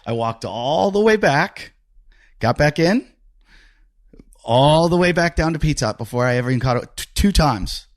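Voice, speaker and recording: A man's voice: fairly high pitch, animated, moderate pace. Laughing man telling rambling stories. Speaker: podcast host. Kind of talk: casual interview chat.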